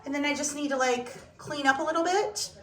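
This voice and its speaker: A woman's voice: high-pitched, a little fast, fairly bright tone. A woman chatting casually through a home vlog while she cooks in her kitchen. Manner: chatty, talks through chores and to her dogs. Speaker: vlogger.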